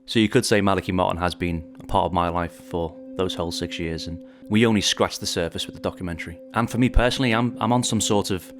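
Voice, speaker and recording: A man in his forties from Liverpool, narrating his own podcast in a measured, reflective voice he calls his posh radio voice. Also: low-pitched, steady tone. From Liverpool, England. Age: 40s. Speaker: documentary director and podcast host.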